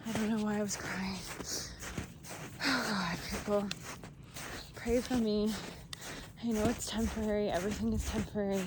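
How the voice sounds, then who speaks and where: With a medium-pitched, steady voice at normal speed, a woman vlogs candidly on a mountain trail during a long-distance hike. Outdoor noise sits behind her as she talks to the camera, airing her frustration in a plain, honest way.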